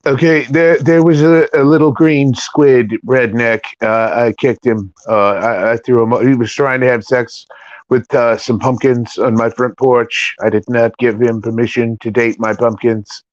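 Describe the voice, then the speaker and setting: A man's voice: medium pitch, level tone, a little slow, no room sound, close to an everyday voice. A man doing an impression of a bragging older president, repeating big declarations. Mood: boastful. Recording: dry, muffled lo-fi audio.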